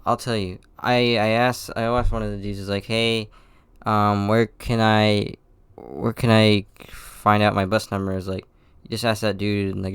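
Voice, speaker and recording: A man's voice: fairly low pitch, creaky, fairly bright tone, clean tone, no room sound. A teenage boy hosting his own podcast, talking in a rambling, hesitant way with many restarts and apologies. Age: teens. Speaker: podcast host. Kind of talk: casual solo podcast monologue.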